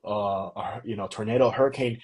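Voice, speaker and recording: A man's voice: lowish voice, fairly quick, darkish tone, a little hiss or hum, poor audio. A young man hosting a podcast, chatting casually and telling stories in a rambling way, often breaking into laughter. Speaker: podcast host. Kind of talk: casual chat.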